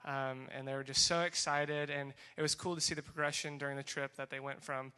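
A young man giving a testimony talk to a group, animated and acting out the dialogue as he tells the story. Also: medium pitch, a little fast, smooth. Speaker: speaker sharing a mission trip story.

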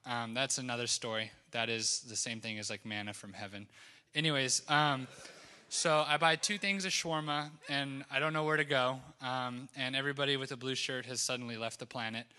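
A man's voice: medium pitch, fairly even intonation, brisk, bright, forceful tone, smooth. A young man telling a story to a group in a casual, wry way, with many hesitations. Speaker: speaker sharing a mission trip story. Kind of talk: testimony talk to a group.

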